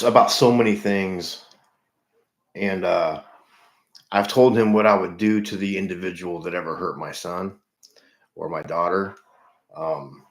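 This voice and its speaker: Deep-voiced man, earnest and halting. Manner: earnest, halting, repeats himself. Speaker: livestream host in recovery. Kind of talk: casual livestream chat with viewers. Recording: echoey room.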